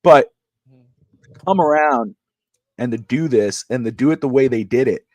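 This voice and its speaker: A sports podcast co-host chats casually on the show, excitable and rambling, often restarting his sentences. He has a medium-pitched voice, speaks a little slowly, and the recording has no room sound.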